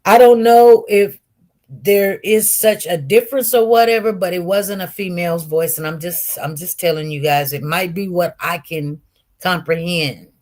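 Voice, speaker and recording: A woman telling viewers a personal testimony with great intensity, swinging from loud outbursts to hushed murmurs and often repeating herself. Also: fairly low pitch, normal speed. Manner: repetitive, restarts. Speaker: online show host.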